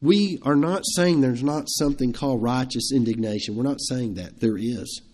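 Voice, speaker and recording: Delivering an evening sermon, a pastor speaks conversationally and emphatically at a moderate pace, his mid-range voice slightly dark in tone. Between points he chuckles and asks the congregation questions.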